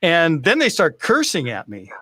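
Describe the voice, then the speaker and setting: A man, a sports camera operator, chatting casually as a guest over a video call, halting and restarting his sentences. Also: on the high side, wildly swooping pitch, bright, forceful tone, no echo.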